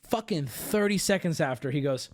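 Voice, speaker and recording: A man streamer telling a story casually to his audience, animated, profane and exaggerated. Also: a little high, moderate pace.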